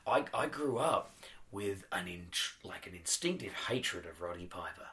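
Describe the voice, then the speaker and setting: A man in his thirties with a broad Western Australian accent, chatting casually on a podcast, animated and swearing freely as he acts out crowd reactions. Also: deep voice, unhurried. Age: 30s. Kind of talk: casual chat.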